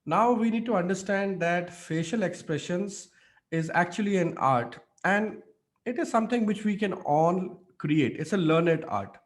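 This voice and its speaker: A man coaching public speaking in an online mentorship session, energetic and demonstrative with many fillers. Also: high voice, unhurried.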